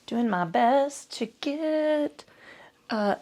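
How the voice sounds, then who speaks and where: A woman's voice: sits high, a little mellow. A woman leading a yoga class, talking her way through the poses with chatty, self-mocking asides and casual swearing, a little out of breath. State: breathing heavily. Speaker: yoga instructor.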